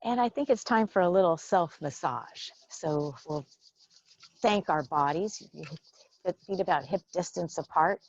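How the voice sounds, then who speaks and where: A woman leads a guided qigong meditation in an unhurried, soothing voice that sits a little low and carries a gravelly edge. Her cues come slowly, with a light, playful warmth when the practice turns to affirmations. The sound is dry and slightly dull, like a modest lo-fi recording. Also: animated, no room sound. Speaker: qigong instructor.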